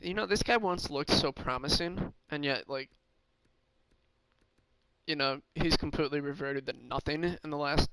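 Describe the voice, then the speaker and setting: A man's voice: a little high, moderate pace, gravelly, long pauses, bright, forceful tone, smooth, no room sound, low-quality recording. A man streaming a hockey management game, thinking aloud in casual commentary with many fillers and restarts. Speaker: gaming streamer.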